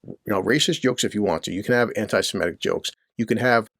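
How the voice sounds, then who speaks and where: A middle-aged channel host swears his way through a crude rant about the news, asking rhetorical questions from his basement by the boiler. His lowish voice moves fast and sounds creaky and a bit bright, recorded clean with no echo, like a studio.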